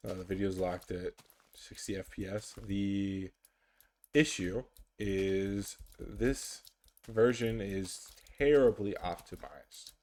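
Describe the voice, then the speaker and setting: A low, darkish male voice with fairly even intonation narrates gameplay for a YouTube audience. He sounds drowsy and yawns as he wanders through his commentary, taking his time, leaning on fillers and starting sentences over.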